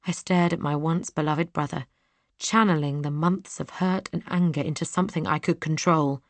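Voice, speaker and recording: A woman narrating a first-person audiobook in a measured, even storytelling manner. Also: sits low, no room sound.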